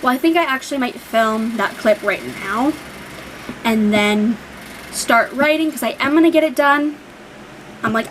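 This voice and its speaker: A woman's voice: fairly high pitch, unhurried, pauses often, slight background noise, poor audio. A young woman vlogging casually, rambling with many fillers and free swearing. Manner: emotional, near tears. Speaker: book vlogger. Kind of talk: casual vlog talk.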